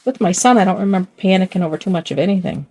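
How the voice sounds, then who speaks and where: A woman's voice: on the low side, expressive, rapid-fire, mellow. An older woman chatting casually while she fiddles with a doll's clothes. Her talk rambles and circles back on itself, and she often chuckles and teases herself. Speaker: doll channel host. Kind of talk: casual chat while dressing a doll.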